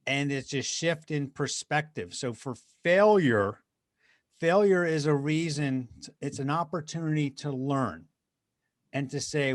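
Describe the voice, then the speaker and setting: A middle-aged motivational speaker, appearing as a guest, tells personal stories in an earnest, conversational interview style and addresses the host by name. His voice is on the high side and unhurried, in clean studio sound with no echo.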